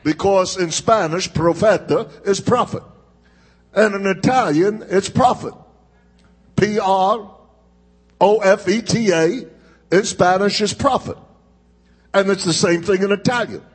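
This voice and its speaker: A man preaches to his congregation in a church, his voice high and a little husky. He takes his time, stretching phrases for emphasis and calling for responses. The sound rings out with a long hall reverb. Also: measured pace, pauses often. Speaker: pastor. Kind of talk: sermon. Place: church sanctuary.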